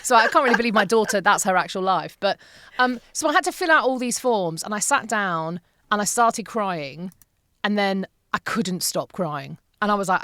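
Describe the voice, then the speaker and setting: In a casual interview on a podcast, a British broadcaster around fifty tells lively stories and performs the voices of the people she quotes. The studio-quality recording has no echo, and she speaks at a normal speed with a medium pitch.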